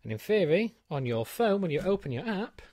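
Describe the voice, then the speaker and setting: A man's voice: sits high, sing-song, fairly quick, darkish tone, dry recording. A man giving a chatty, self-deprecating walkthrough of a gadget in his small home studio, with plenty of ums. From United Kingdom. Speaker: tech reviewer. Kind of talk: unboxing and set-up walkthrough.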